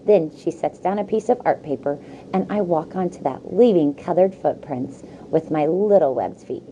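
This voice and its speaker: Teacher reading a chapter book aloud; low-pitched woman, warm, gentle storytelling pace. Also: slight background noise, poor audio. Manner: slow, gentle storytelling with asides to the class.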